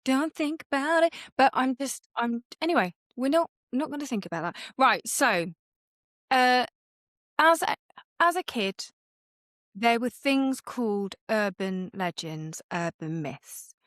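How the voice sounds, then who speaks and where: A woman's voice: a little high, animated, unhurried, fairly bright tone, no echo, studio quality. A middle-aged woman co-hosting a podcast as the mother, chatting casually and laughing at herself. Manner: chatty, self-mocking, laughs often. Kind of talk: casual chat.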